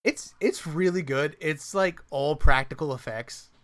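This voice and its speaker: A casual podcast co-host who rambles through thoughts, full of fillers, restarts and easy swearing. The voice sits at an ordinary middle pitch and breaks into laughs often. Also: measured pace. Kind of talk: casual chat about horror movies.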